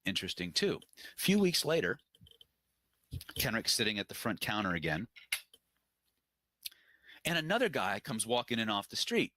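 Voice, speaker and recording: A man leading a webinar, teaching in a conversational way and telling animated stories with frequent fillers. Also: mid-range voice, dry recording. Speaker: webinar instructor.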